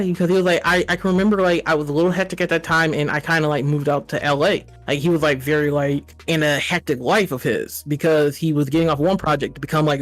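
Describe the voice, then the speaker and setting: Animated storytelling man, high voice. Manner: animated storytelling, acting out quoted dialogue. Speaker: podcast guest, animator. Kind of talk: casual chat.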